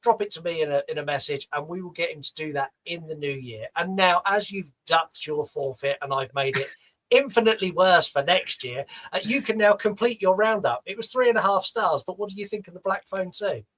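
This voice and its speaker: Brief: high, bright Southern British man, podcast co-host, playful and pushy. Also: a little fast, rough recording. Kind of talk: casual podcast banter.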